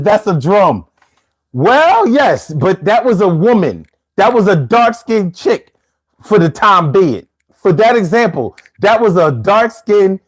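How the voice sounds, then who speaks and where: A man hosting a live stream in casual chat, reading out viewer comments in a slangy, animated way. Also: sits high, slow, slightly rough. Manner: slangy, animated, laughs between lines. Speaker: livestream host.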